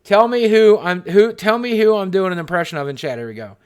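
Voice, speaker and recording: A man hosting a live stream, joking with his chat in a self-mocking way and softly coaxing his dog. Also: fairly high pitch, lively intonation, fast, hardly any pauses. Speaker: livestream host.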